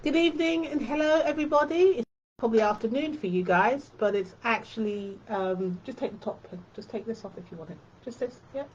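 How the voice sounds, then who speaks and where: A woman hosts a quilting live stream in a casual, chatty way and talks fondly to her viewers. Her voice sits a bit higher than most women's. The sound is dull and lo-fi, like stream audio. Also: brisk. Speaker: quilting tutorial host.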